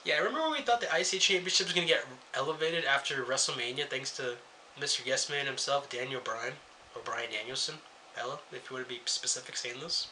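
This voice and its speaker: A man's voice: mid-range voice, fast, bright, forceful tone, a little hiss or hum. A young man reviewing a wrestling show in a casual rant, sarcastic and swearing freely as he jumps between topics.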